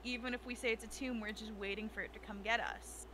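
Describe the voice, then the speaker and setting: A woman with a high, very bright voice plays at a tabletop game table. She is animated and quick to joke, and a faint hiss sits under her voice. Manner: animated, jokey. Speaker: player. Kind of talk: casual tabletop game chat.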